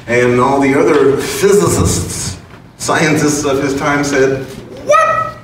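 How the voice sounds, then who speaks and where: A man's voice: medium pitch, slow. A man giving an informal spiritual talk to an audience, playful and chuckling as he explains his points. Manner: playful and chuckling, with casual asides. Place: large room with an audience. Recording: very echoey room, distant mic, background noise.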